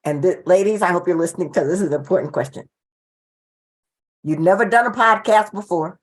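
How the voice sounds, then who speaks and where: A woman's voice: lowish voice, a little fast. A woman hosting an interview, asking her guest questions and speaking to her listeners directly. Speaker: podcast host.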